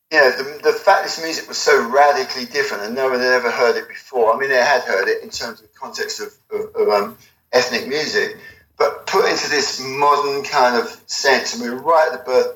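A middle-aged man telling a rambling, animated story in an interview, swearing freely. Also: mid-range voice. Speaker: album cover designer, guest. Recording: echoey room.

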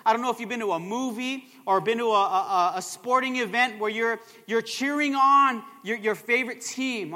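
A man preaching a sermon as pastor, energetic and calling out to the congregation with repeated checks for agreement. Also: very high-pitched. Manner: energetic, calls to the crowd with "come on, somebody" and "all right?". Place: church. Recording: long church hall reverb.

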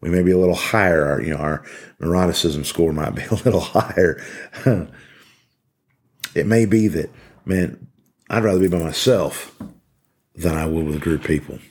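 A middle-aged man with a very low, husky voice gives a motivational talk. He speaks earnestly and with emphasis, repeating his key points to drive them home. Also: moderate pace, pauses often. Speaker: podcast host speaking to corrections officers.

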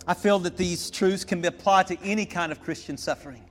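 A man preaching a sermon as pastor, impassioned and building to shouts at the peaks, then settling into calm teaching. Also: high-pitched, brisk, soft background music.

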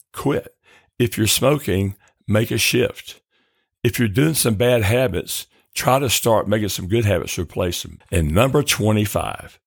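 Deep-voiced man giving calm self-help advice. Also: vocal fry, no room sound, studio quality. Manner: calm, earnest, encouraging advice. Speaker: counselor and podcast host. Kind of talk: self-help podcast monologue.

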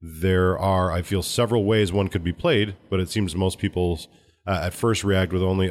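A man with a notably low, deep voice co-hosts a casual podcast. He reads a listener's letter aloud in a measured way and then talks it over in an easy, relaxed manner. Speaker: podcast co-host.

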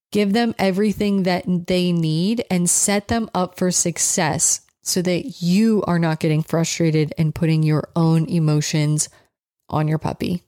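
A woman's voice: on the low side, darkish tone, no echo, studio quality. A woman dog trainer giving casual coaching advice, chatty and direct, often checking in with "right?". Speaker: dog trainer, podcast host.

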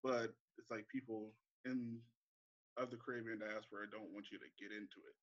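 Man as a podcast guest, relaxed, bright tone, muffled lo-fi recording. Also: on the low side, normal speed, slight background noise. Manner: relaxed, searching, casual swearing. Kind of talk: casual chat. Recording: dull lo-fi mic.

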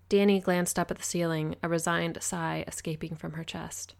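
Low, gravelly woman narrating. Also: flat delivery, normal speed, darkish tone. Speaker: audiobook narrator. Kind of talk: scripted first-person narration.

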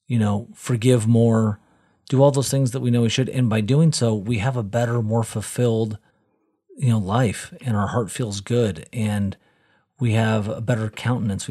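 A man's voice: medium pitch, a little mellow, husky. A middle-aged man co-hosting a faith-based podcast, talking earnestly and repeating phrases for emphasis like a preacher. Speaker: podcast co-host.

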